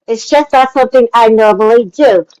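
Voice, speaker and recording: 70s woman, somewhat high voice, lecturing and condescending on a livestream panel argument. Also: normal speed, a little mellow, poor audio. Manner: scolding, condescending, talks over others.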